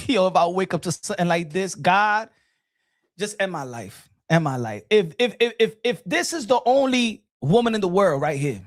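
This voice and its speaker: A man's voice: high-pitched, expressive, moderate pace, no room sound. Mocking, profane male commentator, dry close sound. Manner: profane, mocking, laughing rant. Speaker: commentary channel host. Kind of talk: casual reaction commentary.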